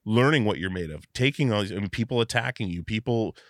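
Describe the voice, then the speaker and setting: Low-voiced reflective podcast host. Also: male voice, expressive, quick pace, a bit bright, dry recording, clean studio sound. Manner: reflective, rambling, many restarts. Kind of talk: casual interview. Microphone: video call.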